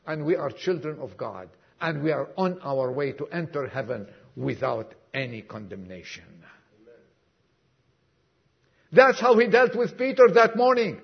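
A man preaching a sermon to a congregation, emphatic, acting out dialogue and dropping suddenly to a hush. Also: a little high, sing-song, measured pace, creaky, slightly rough, lo-fi sound. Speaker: pastor. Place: church congregation.

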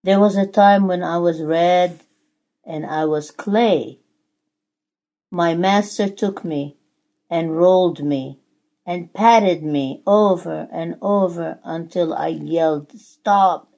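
A frightened clay teacup pleads and cries out as it is rolled, spun and fired, read aloud by a woman preacher. The voice sits low and dark, and it moves in an unhurried way. Each cry is drawn out rather than rushed. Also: vocal fry. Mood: anguished. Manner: pleading, crying out.

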